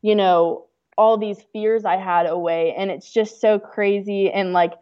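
A woman's voice: mid-range voice, steady tone, unhurried, smooth, highs cut off. A young adult woman, a guest telling her story in a casual chat, earnest and full of "like" fillers.

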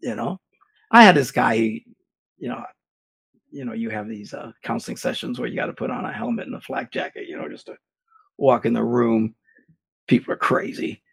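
A man giving blunt, animated relationship advice in a casual chat. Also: medium pitch, moderate pace, vocal fry, pauses often, breathy edge.

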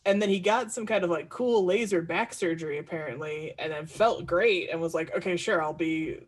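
A man's voice: high-pitched, fairly quick, husky. A man in casual conversation about a film, laid-back, chuckling often as he shares trivia notes. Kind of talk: casual movie chat.

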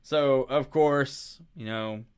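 Smooth-voiced man retelling a movie. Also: medium pitch, slow. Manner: animated retelling with acted quotes, frequent profanity. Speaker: podcast co-host. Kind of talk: casual movie discussion.

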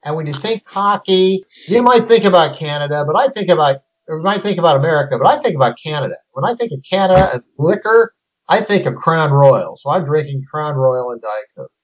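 A man's voice: on the high side, animated, fairly quick, muffled recording. A man co-hosting a podcast in casual chat, dry and joking. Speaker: podcast co-host.

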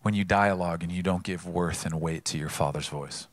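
A male preacher voicing God as a calm, firm fatherly figure, hushed and slow. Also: deep voice, dry recording, pitched below the performer's own voice, natural voice.

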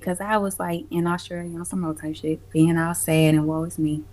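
A woman guest in a casual interview, telling stories in an animated, emphatic way, laughing often and swearing freely. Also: low voice, fairly quick, few pauses. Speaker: guest, community music event organizer. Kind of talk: casual conversational storytelling.

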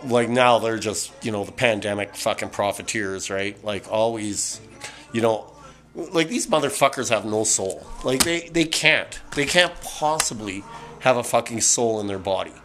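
A middle-aged Canadian man hosts a podcast, his voice fairly low and fairly bright. A little buzzed on beer, he rants casually, swearing a lot and rambling through fillers and restarts.

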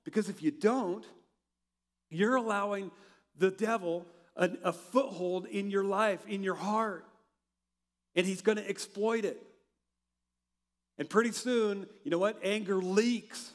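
A high-pitched man preaching in a church hall, his voice carrying a long reverberant tail. He asks the congregation questions and waits for the answer, then lets his voice sink low and quiet. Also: a little slow, long pauses. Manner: preaches with rhetorical questions, swings from loud to quiet. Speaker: pastor. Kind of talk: sermon.

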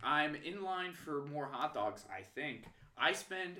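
Young man, animated podcast storyteller, bright, excitable delivery, roomy echo. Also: on the high side, slow pace, a little hiss or hum. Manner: animated storytelling, laughing, loud acted-out quotes. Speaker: podcast guest telling stories. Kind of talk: casual podcast chat. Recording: echoey room.

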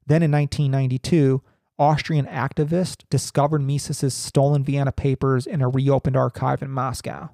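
A young man reading a text aloud in a halting way, full of ums and restarts, with casual asides. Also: mid-range voice, little pitch movement, gravelly, warm tone, no echo, clean studio sound. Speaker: podcaster reading and commenting.

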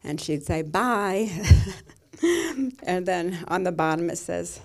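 A woman's voice: fairly low pitch, little pitch movement, moderate pace, creaky. A middle-aged woman pastor giving a sermon, telling a personal story in a tender, emotional way.

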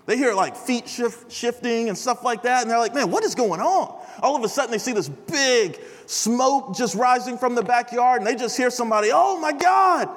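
Young guy preaching at chapel, pretty high voice, big echoey hall, chatty storytelling. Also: a little fast, hardly any pauses. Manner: conversational, animated storytelling. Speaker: chapel speaker. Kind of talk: sermon with storytelling. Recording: reverberant hall.

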